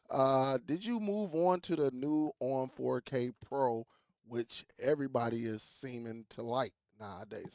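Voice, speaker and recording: A man's voice: mid-range voice, darkish tone, no echo, clean studio sound. A man hosting a tech vlog, talking casually and with feeling, repeating words for emphasis and calling his viewers y'all. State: coughing, throat catching. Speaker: tech YouTuber.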